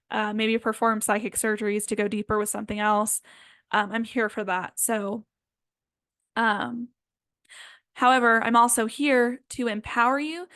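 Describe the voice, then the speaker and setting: A woman energy healer giving casual spiritual guidance in a gentle, rambling way with many fillers. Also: a little high, dry recording, clean studio sound.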